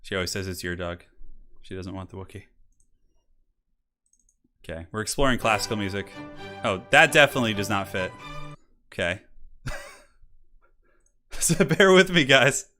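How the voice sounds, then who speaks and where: A man with a lowish voice and a forceful, bright edge, casting a game tournament live. He talks in a chatty, rambling way and laughs a lot, with classical music playing faintly behind him. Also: animated, moderate pace, long pauses. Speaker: tournament stream host and caster. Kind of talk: casual live-stream commentary.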